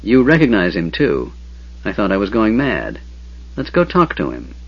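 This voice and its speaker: A man voicing a stern young male knight, speaking low, grim and urgent. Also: huge pitch swings, normal speed, breathy edge, exaggerated voice. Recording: dull lo-fi audiobook recording.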